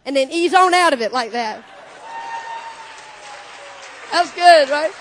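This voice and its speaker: A middle-aged woman minister preaches in a church sanctuary, sounding personal and conversational as she leads call-and-response with the congregation. Her high voice is expressive and slow, with a faint crowd in the background and a little hiss or hum.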